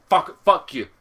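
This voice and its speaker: A Scottish man ranting angrily to camera from his bedroom, swearing constantly and bursting out loudly in exasperation. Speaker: vlogger. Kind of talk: angry rant to camera. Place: his bedroom, sitting on his bed. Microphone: camera across the room.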